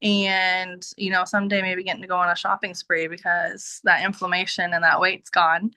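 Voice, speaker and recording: A woman's voice: fairly low pitch, flat delivery, moderate pace, sharp tone, no echo, rough recording. A woman giving a heartfelt personal testimony over a video call, talking casually with frequent laughs and filler words. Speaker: business team member giving a testimony.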